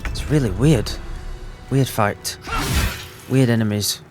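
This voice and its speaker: A man hosting a let's play, chatting excitedly and thinking aloud as he plays. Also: medium pitch, slow pace, music in the background. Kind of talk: gaming commentary.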